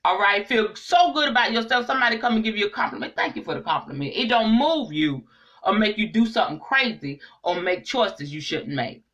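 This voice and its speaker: Middle-aged woman preaching to her viewers, bright voice, super lively ups and downs, talks right at you. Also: mid-range voice, a little fast. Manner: animated, preachy, speaks straight to the audience. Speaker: online inspirational speaker. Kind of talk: casual spiritual monologue to viewers.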